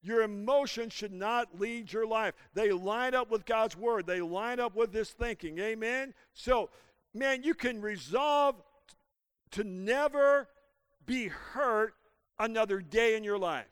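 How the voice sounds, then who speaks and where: Male pastor mid-sermon, high and smooth voice, dry close sound. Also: slow, a bit bright, no room sound. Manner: preaching with call-and-response to the congregation. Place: church.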